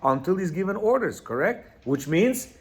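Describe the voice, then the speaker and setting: Animated man teaching, lively pitch. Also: moderate pace, a little hiss or hum. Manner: reads quotes aloud, then explains with asides and constant "you hear?", "right?"; sometimes stumbles over Hebrew words. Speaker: marriage coach and teacher. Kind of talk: informal religious teaching talk.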